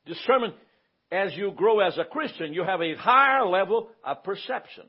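In a dull lo-fi recording, a man with a high-pitched, husky, expressive voice leads a church Bible class at normal speed. The pastor talks conversationally and regularly checks that his listeners are keeping up.

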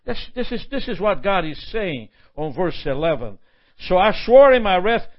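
A man's voice: a little high, dull audio. A male pastor preaching a sermon with impassioned repetitions and prayerful asides.

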